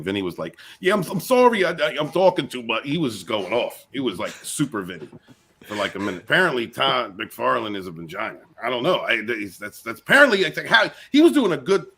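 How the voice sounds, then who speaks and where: A man hosting a casual online panel chat, joking and animated, often talking over the others. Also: fairly low pitch, breathy edge. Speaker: host.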